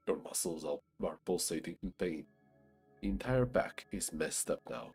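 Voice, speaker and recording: A young man reads a fantasy game aloud, lingering over each description in an unhurried, storytelling way. His voice sits fairly low, with a gravelly, husky edge, and it swings widely in pitch. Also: animated, darkish tone, soft background music. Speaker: streamer reading a game aloud.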